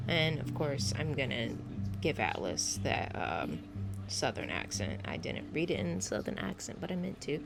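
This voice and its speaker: A woman's voice: low voice, measured pace, vocal fry, music in the background. A woman casually narrating her gameplay on a laptop mic, rambling and hesitant with a self-deprecating manner.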